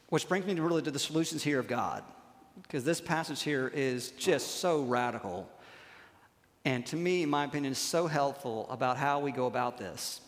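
A man preaching a sermon as a pastor in a church, talking conversationally and checking in with "okay?" and slowing down to hammer key lines. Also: medium pitch. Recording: long reverb of a church hall.

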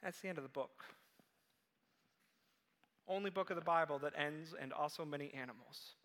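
A man preaching a sermon, telling a story in a lively way and acting out the quoted voices. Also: fairly high pitch, moderate pace, long reverb tail. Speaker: pastor.

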